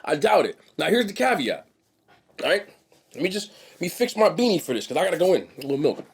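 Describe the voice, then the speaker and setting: Husky man riffing casually to camera. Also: on the high side, fast talker. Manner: animated, rhetorical, talks straight to viewers. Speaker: mukbang vlogger.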